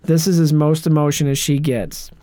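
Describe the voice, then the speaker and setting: Podcast co-host, male, lively and sarcastic, dry close-miked sound. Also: fairly high pitch, no room sound. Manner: animated, quick asides and mocking line readings. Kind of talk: casual movie-review chat.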